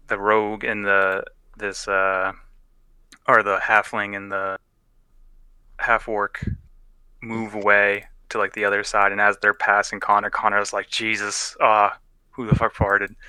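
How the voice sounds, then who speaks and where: A man's voice: on the low side, little pitch movement, measured pace, pushed and bright, smooth, dry recording, rough recording. A young man casually narrating as game master of a tabletop game, loose and profane, often laughing.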